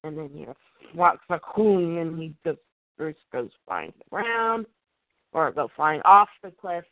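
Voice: medium pitch, expressive, unhurried, dry recording. A comic book reviewer casually recapping an issue, rambling and reading the dialogue aloud plainly. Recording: tinny, dry phone-like sound.

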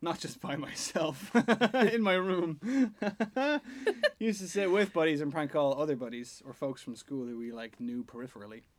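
A man's voice: a little high, normal speed. A man co-hosting a casual podcast over beers, swearing and joking, and laughing often. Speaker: podcast co-host.

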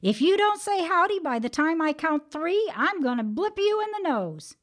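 A woman's voice: very high voice, sing-song, moderate pace, pitched above the performer's own voice. A woman doing a hollering, hot-tempered male rabbit. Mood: threatening. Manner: hollering, exaggerated storyteller voice.

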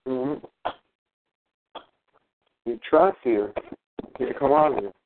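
A man's voice: medium pitch, slow, noisy background. Rambling man on a tinny phone line. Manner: rambling, profane, searching for words. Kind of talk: casual radio talk.

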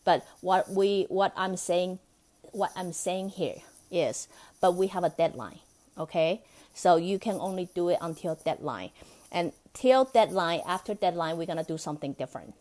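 A woman's voice: on the low side, normal speed, a little mellow. A woman hosting a solo self-help podcast, talking in a chatty, coaxing way and often checking in with "right?". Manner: laughs between thoughts. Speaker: podcast host.

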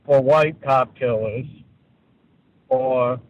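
A man calling in to a radio show, giving his opinions in a halting way and often repeating words. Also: medium pitch, darkish tone, dull audio. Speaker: caller. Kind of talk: call-in radio commentary.

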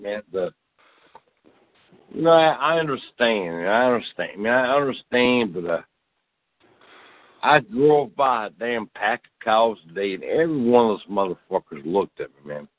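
A man's voice: medium pitch, animated, a little slow, pauses often. A man rambling through a profane comedic monologue, drawling and tacking "man" onto his lines. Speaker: podcast host. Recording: tinny phone-like sound.

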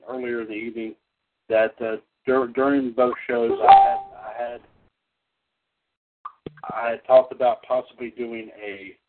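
Male host, meandering announcer delivery, phone-line sound. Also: mid-range voice. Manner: rambling, restarting announcements. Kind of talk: talk show hosting. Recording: tinny phone-line audio.

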